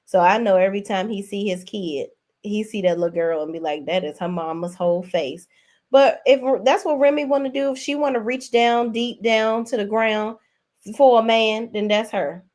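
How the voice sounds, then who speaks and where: A woman's voice: on the high side, normal speed, a little mellow. A woman hosting a casual gossip commentary show, talking in a sassy, blunt, exclaiming way. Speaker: host.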